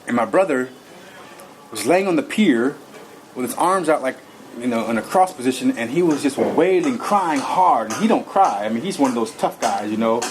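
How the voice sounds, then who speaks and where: A man telling a personal story in an interview. He rambles in an animated way and acts out his own lines as he goes. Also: mid-range voice, normal speed. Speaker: interview guest. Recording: noisy recording.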